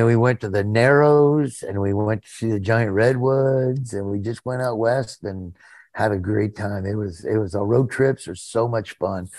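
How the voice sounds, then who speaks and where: A man's voice: lowish voice, darkish tone, dry recording. Folksy, enthusiastic middle-aged man. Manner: folksy, enthusiastic, laughs often. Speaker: voice actor guest. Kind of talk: casual interview.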